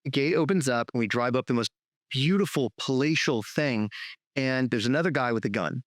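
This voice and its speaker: A middle-aged man hosting a podcast, telling long stories in a loose, profane, animated way with many restarts. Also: mid-range voice, normal speed, no echo, clean studio sound. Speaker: podcast host, filmmaker. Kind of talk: casual storytelling chat.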